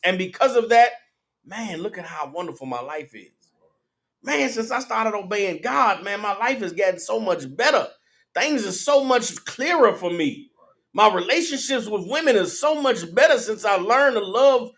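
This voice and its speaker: A man's voice: high voice, fairly bright tone. A man giving an emphatic, blunt street sermon full of slang. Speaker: religious teacher.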